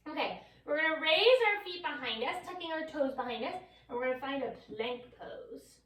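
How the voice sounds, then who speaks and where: A woman's voice: high-pitched, expressive, normal speed, fairly bright tone. A woman with a New York accent teaching a playful yoga class for young children, cheering them on and making animal sounds. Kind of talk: kids' yoga class instruction. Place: yoga studio. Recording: echoey room, mic at a distance.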